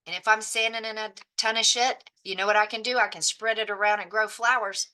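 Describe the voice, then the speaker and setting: Woman, fervent motivational talk on a video call, bright sharp tone, blunt and profane. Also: mid-range voice, steady tone, fairly quick. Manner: preachy, blunt, swears freely. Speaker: real estate agent in a mastermind group. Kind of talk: impassioned motivational speech.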